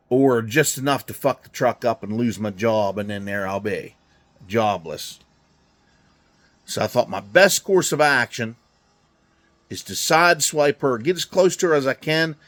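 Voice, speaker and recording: Blunt, profane man telling a story. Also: medium pitch. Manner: profane, blunt, acts out dialogue. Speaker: truck driver telling a story. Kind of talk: casual storytelling. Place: garage during a car event.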